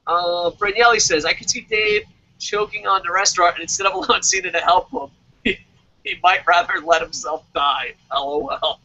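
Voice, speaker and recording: A man hosting a casual wrestling review podcast, excitable and slightly tipsy, often acting out quoted voices. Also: high voice, moderate pace. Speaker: podcast host. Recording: dull lo-fi sound.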